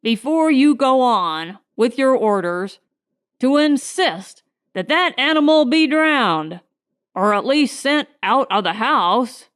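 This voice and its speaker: A woman narrating an audiobook voices a cross, fussy young gentleman who speaks slowly and pompously. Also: high voice, expressive, clean tone, exaggerated voice. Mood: indignant. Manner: slow, indignant, pompous.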